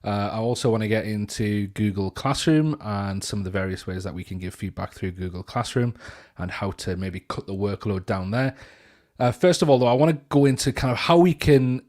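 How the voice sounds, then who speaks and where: A man's voice: on the low side, fairly quick, a little mellow. A man with a Geordie accent, a senior school leader presenting a teaching webinar in a chatty, enthusiastic way over a video call. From northeast England. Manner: chatty and enthusiastic, with frequent restarts.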